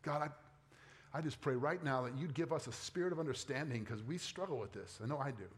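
A man's voice: mid-range voice, a little fast. A middle-aged man, a pastor preaching a sermon in a conversational way, often asking the congregation questions.

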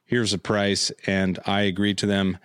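A man's voice: lowish voice, little pitch movement, measured pace, a bit bright, clean tone, dry recording. Rambling jokey man hosting a chat. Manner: rambling, jokey, breaks into silly voices. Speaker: host. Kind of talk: casual chat while unboxing collectibles.

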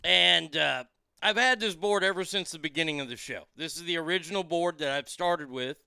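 A man's voice: a little high, moderate pace, vocal fry, bright, forceful tone, smooth, dry recording. A man hosting his own show, talking in a rambling, irreverent and profane way into a studio mic. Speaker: show host. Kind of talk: casual solo show monologue. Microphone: studio mic through a mixing board.

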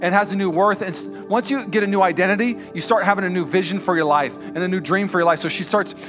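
A high-voiced male pastor preaches in a church, telling a story and acting out its dialogue. His sermon grows into raised, impassioned delivery, with music playing clearly underneath. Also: fast talker.

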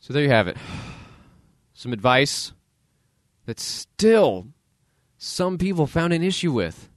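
Blunt, animated man hosting a podcast. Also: fairly high pitch, slow, long pauses, no echo, clean studio sound. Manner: blunt, acts out voices in dialogue. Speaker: podcast host. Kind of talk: casual opinion commentary.

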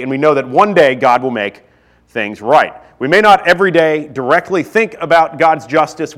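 A man's voice: fairly high pitch, a bit bright. A man in his thirties preaching a sermon in a casual, self-deprecating way that rises to fervent pleas. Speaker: pastor. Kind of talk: sermon with personal stories.

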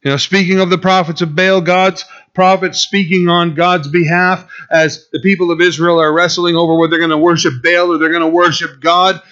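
A man delivers a sermon in a loose, talking style, tossing in sarcastic asides. His voice sits a little high for a man. The recording sounds muffled and lo-fi. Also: little pitch movement, fairly quick, hardly any pauses, a bit bright. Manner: conversational preaching, sarcastic asides. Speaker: pastor.

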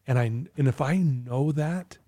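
He talks a little slowly, his medium-pitched voice mellow, in a dry recording with clean studio sound. The man is a client coach guesting on a podcast, recounting stories earnestly in a chatty interview and reenacting his talks with clients.

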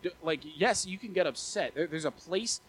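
A young man in his twenties preaching a casual, animated sermon as a pastor, often stammering and restarting his words. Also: on the high side, normal speed, husky, poor audio. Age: 20s.

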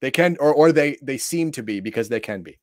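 A man's voice: mid-range voice, animated, brisk, darkish tone, dry recording, clean studio sound. A man reading tabletop game rules aloud in casual chat, breaking into exasperated, profane rants.

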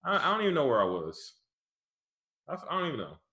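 A man's voice: fairly high pitch, fast talker. Man telling profane stories in an echoey room. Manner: animated, profane storytelling with frequent laughs. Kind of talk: casual chat. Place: his office.

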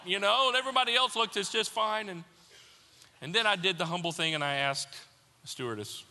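A man preaching a sermon, telling a personal story with animated mock panic before slowing into an earnest appeal. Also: high voice, long reverb tail. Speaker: pastor.

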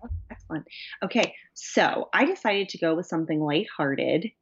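On a laid-back podcast, a female co-host tells a story with lively energy, laughing and dropping plenty of "um" and "like." Her voice is lowish for a woman, slightly rough, and moves at a moderate pace. The audio comes across dull and lo-fi.

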